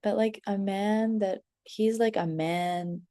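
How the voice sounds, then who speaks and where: A woman's voice: medium pitch, fairly even intonation, slow, warm tone. A young woman vlogger casually telling a personal story, candid and chatty, peppering it with "like" and acting out her own thoughts. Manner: swears casually.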